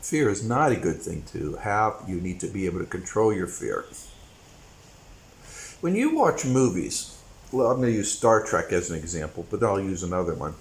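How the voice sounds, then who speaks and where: A man with a somewhat low voice talks through an opinionated monologue. He rambles, then punches certain points with sudden emphasis. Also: sing-song, moderate pace, gravelly, poor audio. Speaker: commentary channel host.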